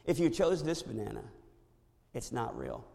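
A male pastor preaching a sermon in a church, animated and storytelling with impressions. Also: medium pitch, normal speed, gravelly, long reverb tail.

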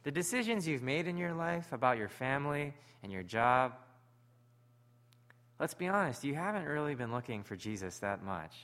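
A man's voice: mid-range voice, very animated, normal speed, fairly bright tone. A man preaching a sermon in an earnest, conversational way.

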